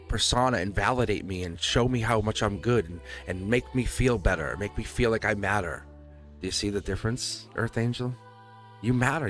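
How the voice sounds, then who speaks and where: Laughing, animated man on a low voice. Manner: animated, laughs often, rhetorical questions. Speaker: tarot reader hosting a live stream. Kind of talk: casual live-stream chat.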